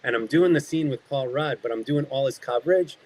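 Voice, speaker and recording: A man, an actor as an interview guest, telling animated behind-the-scenes stories and acting out the people in them. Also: medium pitch, brisk, no echo, rough recording. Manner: animated anecdotes, acting out quoted voices. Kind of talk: casual storytelling.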